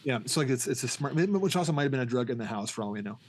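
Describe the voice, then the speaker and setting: A middle-aged man talks quickly through a film's plot on a podcast, stumbling over restarts and slipping into the characters' lines. His pitch sits at an ordinary middle height. The talk is loose, casual chat between co-hosts. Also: expressive, slight background noise. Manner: rambling, restarts often, acts out scenes. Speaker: podcast co-host. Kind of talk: casual film review chat.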